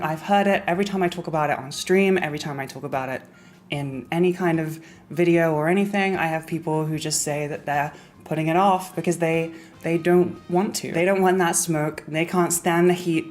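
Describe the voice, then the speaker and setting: A young woman talks straight to the camera in a loose, rambling vlog voice, low in pitch for a woman. She fills her talk with small asides and fillers. Faint music plays softly behind her. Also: normal speed. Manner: chatty, uses many fillers and little asides. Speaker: YouTuber. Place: home.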